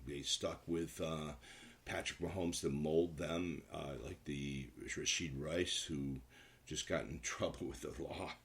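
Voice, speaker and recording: A man hosting a casual solo sports commentary show, rambling and repeating himself as he talks straight to his viewers. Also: a bass voice.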